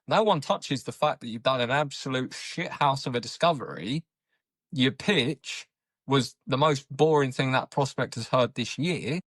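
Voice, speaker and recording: A man's voice: medium pitch, no room sound, studio quality. A man who manages a sales team, co-hosting a casual podcast with an emphatic, sweary delivery. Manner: forceful, sweary, emphatic when making a point.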